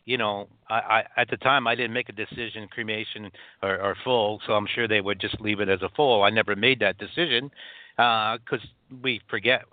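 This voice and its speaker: A man from upstate New York telling his own story as a guest, halting, with many restarts and fillers, over a phone line. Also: on the low side, steady tone, no room sound. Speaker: guest author.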